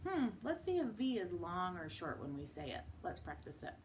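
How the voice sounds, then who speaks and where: A woman teaching a children's phonics lesson. She models each sound slowly and with exaggeration, and breaks into sing-song chants. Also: fairly low pitch, sing-song, a little hiss or hum. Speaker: speech and language teacher.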